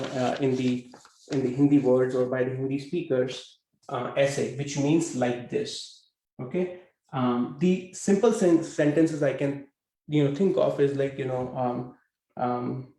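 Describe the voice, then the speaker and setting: A man's voice: mid-range voice, mellow, echoey room, rough recording. A man teaching a language class over a video call, talking with many fillers and putting questions to his students. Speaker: Hindi teacher.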